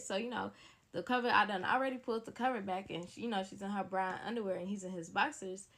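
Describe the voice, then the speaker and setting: A young woman telling a dramatic story to her listeners in a casual, animated way. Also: medium pitch, fast.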